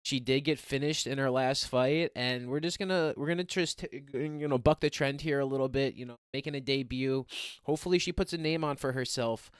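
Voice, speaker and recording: A man's voice: medium pitch, brisk, smooth, no echo, clean studio sound. Rambling young man calling fight picks. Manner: rambling, loose, full of fillers and self-corrections. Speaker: MMA picks podcaster. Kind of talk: casual fight preview and predictions.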